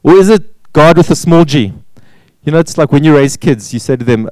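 A man's voice: mid-range voice, fairly quick, darkish tone, clean tone, no room sound, low-quality recording. A man preaching a sermon, pressing points with repeated words and rhetorical questions. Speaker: pastor.

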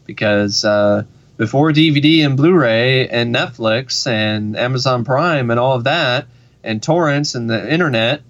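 A man's voice: mid-range voice, measured pace, a bit bright, dry recording. A man co-hosting a casual podcast, talking in an easygoing, rambling way and often repeating his words. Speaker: podcast co-host. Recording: dull, dry lo-fi sound.

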